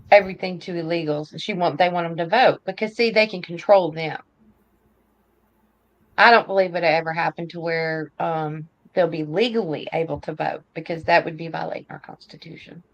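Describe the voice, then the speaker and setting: A woman's voice: on the low side, steady tone, moderate pace, rough recording. A woman co-hosting a casual political chat, blunt and opinionated, drawing out her phrases. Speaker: podcast co-host.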